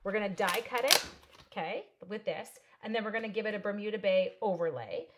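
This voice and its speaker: A woman's voice: medium pitch, animated, a little fast, very noisy. Chatty, bubbly middle-aged woman crafting. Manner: chatty, bubbly, jokes and digresses while working. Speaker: paper-craft demonstrator. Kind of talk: casual crafting livestream chat.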